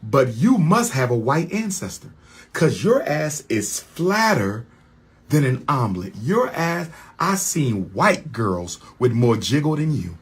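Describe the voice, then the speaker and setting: A man in a heated, mocking rant to his audience, repeating lines for effect and swinging from loud outbursts to quiet asides. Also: medium pitch, sing-song, measured pace, slightly rough. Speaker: speaker addressing his audience.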